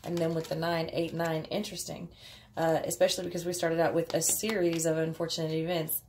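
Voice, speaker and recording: A woman's voice: sits low, level tone, fairly quick, a little mellow, a little hiss or hum. A woman giving a casual daily tarot reading, chatty and offhand, with frequent fillers. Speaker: tarot card reader.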